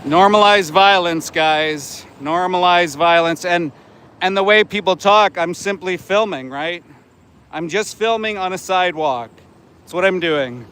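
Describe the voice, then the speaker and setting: A man's voice: high-pitched, unhurried, fairly bright tone. A man in his forties livestreaming from a city sidewalk, talking indignantly and repeating himself when challenged. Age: 40s. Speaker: vegan activist livestreamer. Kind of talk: live street vlog. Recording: faint street noise outdoors. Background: street traffic.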